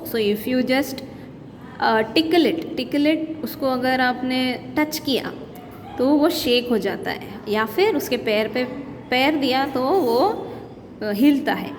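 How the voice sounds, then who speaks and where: A woman's voice: on the high side, a little fast. A woman teacher with an Indian English accent, reading poem lines aloud and explaining them in simple words to young students. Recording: long-reverb room with faint background noise.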